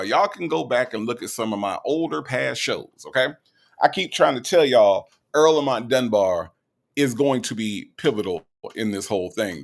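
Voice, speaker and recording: A man's voice: medium pitch, gravelly. A man hosting a casual livestream, greeting viewers from the chat in a playful, teasing way. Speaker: livestream host.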